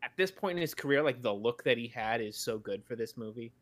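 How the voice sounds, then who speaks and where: A man in mid-range pitch talking casually on a podcast. He rambles, restarting sentences and stacking fillers as he works out his thoughts. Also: expressive, brisk. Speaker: podcast co-host. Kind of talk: casual chat.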